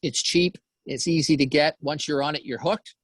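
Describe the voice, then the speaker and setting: A middle-aged man from New Brunswick, Canada, talking as an interview guest, halting, with many fillers and restarts. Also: on the high side, slightly rough, dry recording. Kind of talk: casual interview chat.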